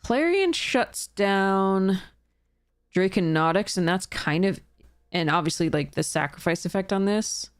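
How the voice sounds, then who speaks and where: A woman's voice: mid-range voice, lively intonation, a little slow, clean tone, dry recording, clean studio sound. A woman streaming a card game draft, thinking aloud in casual commentary and laughing at her own mistakes.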